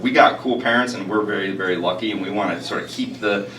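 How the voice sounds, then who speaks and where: A man's voice: fairly low pitch, fast. A man giving an earnest talk as a guest speaker to a live audience, with many filler words. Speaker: guest speaker, health food store owner. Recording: echoey hall, far from mic, crowd behind.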